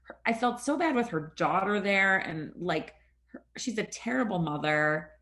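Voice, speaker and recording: A woman's voice: medium pitch, animated, normal speed, a bit bright. Blunt woman in casual chat. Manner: blunt, disapproving.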